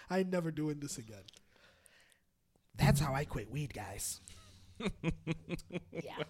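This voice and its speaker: A young man co-hosting a podcast, telling a story in casual chat, animated and swearing, often laughing. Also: high voice, slow pace, long pauses. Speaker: podcast co-host.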